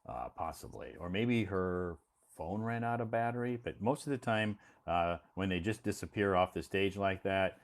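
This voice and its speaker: A man from the United States with a very low voice talks on a casual live stream. He speaks slowly and patiently and repeats key words so that learners can follow. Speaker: live stream host and English teacher. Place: home in Beijing.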